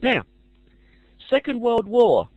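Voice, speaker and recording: Chatty man teaching a class, animated delivery, dry humour, muffled close dry recording. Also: very high-pitched, takes it slowly, no echo. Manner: chatty with dry jokey asides. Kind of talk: casual lecture.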